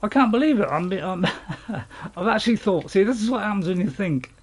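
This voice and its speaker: A man hosting a gaming channel, giving live commentary as he plays and talking to himself, swinging between panic and calm. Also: sits high, a little fast, slightly rough.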